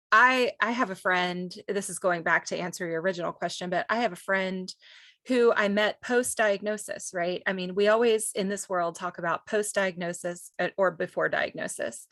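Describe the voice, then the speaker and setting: A woman's voice: medium pitch, a bit bright, dry recording. Candid, talkative woman, parent, webinar guest, dry sound. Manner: candid, chatty, uses many fillers. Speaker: parent of a child with Duchenne. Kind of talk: conversational webinar sharing. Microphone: video call microphone.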